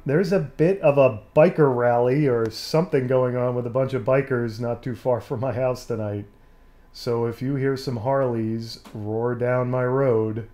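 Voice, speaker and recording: A man hosts a casual live stream from home, talking into a desk mic. His voice sits in a middle range with a mellow, dark tone, a little scratchy and nasal from allergies. He rambles along with plenty of fillers and self-deprecating asides. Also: mid-range voice.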